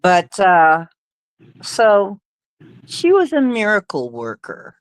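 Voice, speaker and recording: A woman's voice: medium pitch, wildly swooping pitch, slow, no echo, poor audio. Rambling woman storyteller, dry close sound. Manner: rambling, hesitant, with frequent fillers and laughs. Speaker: livestream host. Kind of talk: casual storytelling chat.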